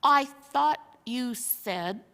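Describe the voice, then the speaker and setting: A woman voicing a dim male bear who speaks in a slow, puzzled, grumbling way, in a storybook reading. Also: on the high side, expressive, fairly bright tone, voice pushed up, heavily acted. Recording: long hall reverb.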